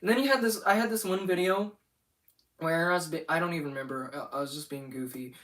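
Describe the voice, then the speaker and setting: A man's voice: a little high, fast talker, a bit bright, far from the mic. A young man rambling casually about his animation channel on a livestream, often getting sidetracked. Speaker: channel owner.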